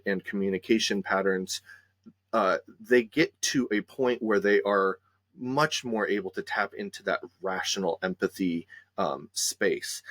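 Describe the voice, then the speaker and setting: Low-voiced man, measured and hesitant. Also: fairly bright tone, no echo. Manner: measured, hesitant, many fillers. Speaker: therapist, guest. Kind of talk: conversational discussion.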